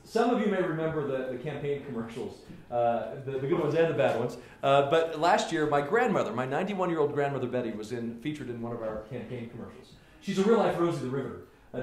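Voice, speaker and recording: A man, a senator, giving a political speech to a small gathering and telling stories, often restarting and repeating words as he goes. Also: a little high. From Colorado. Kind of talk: political stump speech with anecdotes. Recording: very echoey room with faint ambient noise.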